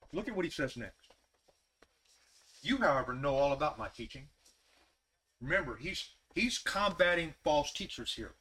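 Man preaching, slightly high bright voice, keeps quizzing the room and repeating himself. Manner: questioning the listeners directly, repeating phrases. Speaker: preacher leading a Bible study. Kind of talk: interactive sermon.

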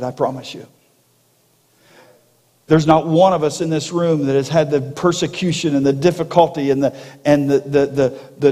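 A man preaches with fervor, his voice a touch higher than most men's. His words ring out in a church sanctuary with a long, lingering reverb. He stresses points by repeating phrases. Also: darkish tone. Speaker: pastor. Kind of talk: sermon.

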